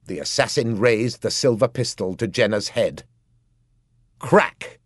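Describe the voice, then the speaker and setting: A man narrating an audiobook with expressive storytelling. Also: fairly low pitch, measured pace, husky, no echo, clean studio sound. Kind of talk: scripted narration.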